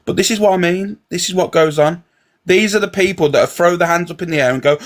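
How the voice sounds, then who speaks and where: A man's voice: sits high, expressive, a little fast. A man ranting in a heated live chat, confrontational and swearing. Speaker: live stream guest.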